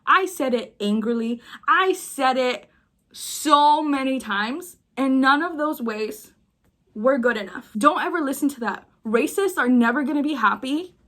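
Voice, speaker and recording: A woman's voice: high-pitched, expressive, moderate pace, a bit bright. A woman creator venting in a casual chat, emphatic and repeating her points for force. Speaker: video creator.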